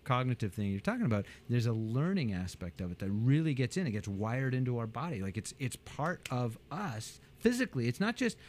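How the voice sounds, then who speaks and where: A man, a business coach, talking animatedly in an interview and acting out quotes with big jumps in pitch. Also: very animated, a little fast, few pauses, a little mellow, slight background noise.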